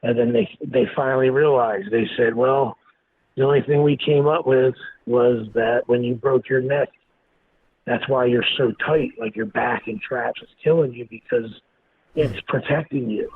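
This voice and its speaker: A man's voice: medium pitch, normal speed, breathy edge, no echo. A man, a guest in an interview, telling a story bluntly and with lots of swearing. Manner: blunt, profane, animated storyteller. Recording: tinny phone-like line with faint noise.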